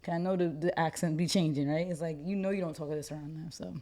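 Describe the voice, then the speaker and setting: A young woman co-hosting a podcast, talking in an animated, opinionated and slangy way in casual chat. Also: low-pitched, quick pace. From United States. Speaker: podcast co-host.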